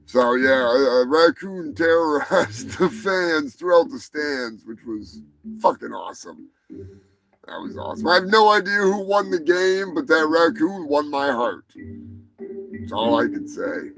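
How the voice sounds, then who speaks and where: A man's voice: a little high, very animated, a little slow, creaky, a bit bright, soft background music, rough recording. A man hosting a live show, ranting about odd animal news with lots of swearing, rambling asides and laughter. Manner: profane, rambling, laughs mid-sentence. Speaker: show host. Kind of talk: live comedic news rant.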